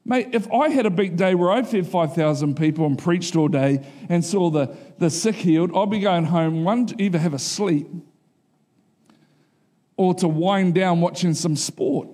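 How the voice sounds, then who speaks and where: A middle-aged male pastor preaching a sermon in a casual, conversational way, often asking the congregation if they are following him. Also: moderate pace. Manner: acts out quotes in a higher animated voice.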